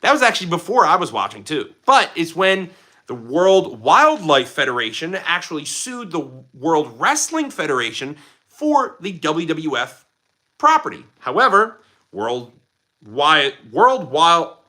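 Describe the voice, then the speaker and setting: A man in his twenties with a light Philadelphia accent, hosting a casual livestream and chatting with viewers in an excitable, jokey way. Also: fairly high pitch. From Philadelphia, USA. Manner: excitable, animated, jokey, drops into playful voices. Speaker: livestream host. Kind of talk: casual live chat reading viewer comments.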